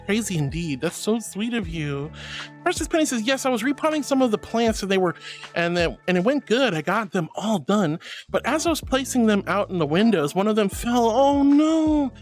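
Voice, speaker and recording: A woman streamer reading out chat messages, affectionate and giggly, calling viewers darling and honey. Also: medium pitch. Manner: laughs often. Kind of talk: casual live-stream chat.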